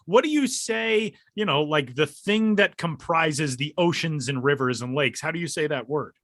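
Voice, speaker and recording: A man hosting a podcast in casual chat, jokey and animated. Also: fairly high pitch, no echo, studio quality. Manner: jokey, animated, quick laughs. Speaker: podcast host.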